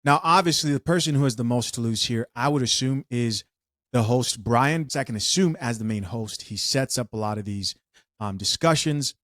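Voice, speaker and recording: A man's voice: medium pitch, normal speed, a bit bright, no room sound, clean studio sound. A man hosting a reaction show who talks viewers through clips in a conversational way. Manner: conversational, addresses viewers directly. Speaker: commentary host.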